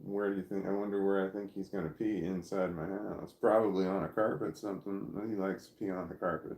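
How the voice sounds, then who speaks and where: A middle-aged man chatting casually on a livestream from home, reading viewers' comments aloud and rambling with halting restarts. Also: deep voice, steady tone, darkish tone, echoey room.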